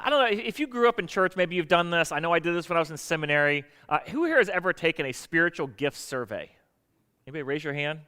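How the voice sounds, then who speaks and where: A man preaching a sermon as pastor, animated and joking with the congregation in a church sanctuary. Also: on the high side, long reverb tail.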